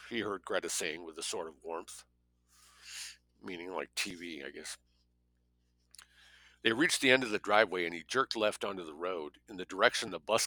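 A man reads a thriller aloud with a bright, forceful tone and a somewhat low voice. He keeps a plain narrating style, slipping in offhand asides of his own. The recording is dry and close. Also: dry recording. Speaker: audiobook reader.

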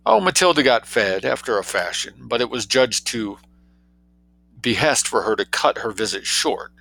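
A man reading an audiobook, voicing a droll young gentleman who tells tall tales in an arch, quick, mock-grave way. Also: mid-range voice, expressive, gravelly, pitched above the performer's own voice, full character voice, low-quality recording.

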